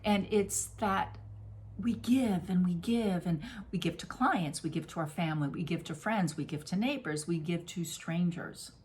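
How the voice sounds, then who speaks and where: A woman's voice: lowish voice, moderate pace, darkish tone. A middle-aged woman giving a casual, effusive spoken oracle card reading, playful and given to sudden exclamations. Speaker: spiritual reader.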